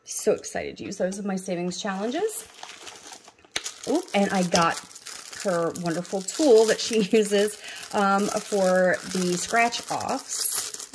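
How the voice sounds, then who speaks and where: A woman hosts a casual budgeting vlog at a middle pitch. She gushes over each item and fills her pauses with ums. A faint noise sits under her voice. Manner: gushing and excitable, with many ums. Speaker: budgeting channel host.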